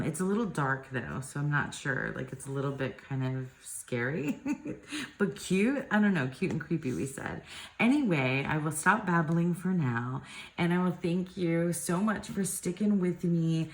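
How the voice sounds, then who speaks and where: A woman with a low, unhurried voice chats casually about tarot cards, filling her speech with likes and ums. She rambles and giggles along the way. The room has an audible echo and a faint hiss behind her. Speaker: tarot youtuber. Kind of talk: casual chat showing tarot decks.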